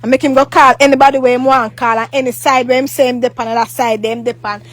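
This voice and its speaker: A woman's voice: sits high, little pitch movement, fast talker, no room sound. A woman with a Jamaican accent telling a rambling, heated storytime rant, repeating herself, swearing often and breaking into mock prayer. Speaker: vlogger. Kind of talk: ranting storytime monologue.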